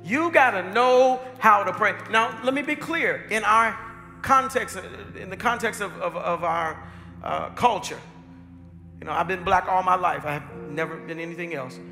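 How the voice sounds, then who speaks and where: Bright-voiced, high-pitched middle-aged male pastor. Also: normal speed, creaky, big-room sound, soft background music. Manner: preaching with repetition, swinging between hushed and loud. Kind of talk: sermon.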